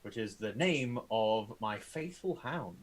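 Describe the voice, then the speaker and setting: A young man playing a tabletop game, calmly reading out spell rules in a measured way. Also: on the low side, poor audio. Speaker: player. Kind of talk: casual tabletop game play.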